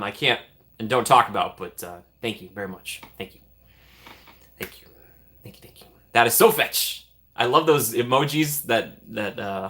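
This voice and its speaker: Fairly low in pitch with a fairly bright tone, this male host reads donations on a relaxed livestream. His thanks come quickly and over and over, punctuated by frequent laughter and clear gratitude.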